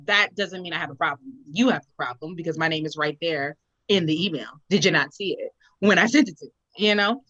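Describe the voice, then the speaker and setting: A young woman with a bright, forceful voice talks casually and tells her stories with lively expression. The sound is dry and a little dull, like a close but lo-fi recording. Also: on the low side, brisk, dry recording. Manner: animated, expressive storytelling. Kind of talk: casual chat.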